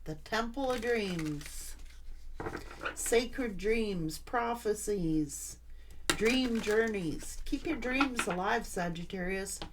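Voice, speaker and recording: Slow, earnest woman giving a tarot reading. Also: medium pitch, lively intonation, background noise. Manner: earnest, reassuring, affirming; heartfelt, speaks in short phrases. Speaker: tarot reader.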